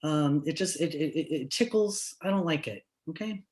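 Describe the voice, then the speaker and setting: A woman voicing a tree fed up with a woodpecker in a live improv comedy scene, talking in a blunt, deadpan way. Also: low-pitched, moderate pace, natural voice. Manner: blunt, deadpan, matter-of-fact.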